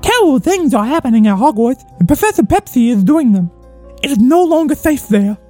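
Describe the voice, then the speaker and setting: A shrill squeaky house-elf. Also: male voice, big pitch swings, a little fast, darkish tone, faint music behind, exaggerated voice. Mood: insistent.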